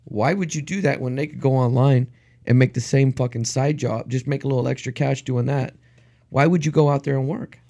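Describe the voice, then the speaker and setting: Gravelly, profane middle-aged man. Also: medium pitch, fairly even intonation, brisk, mellow. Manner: swearing, blunt, storytelling. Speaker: podcast co-host. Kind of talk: casual profane chat.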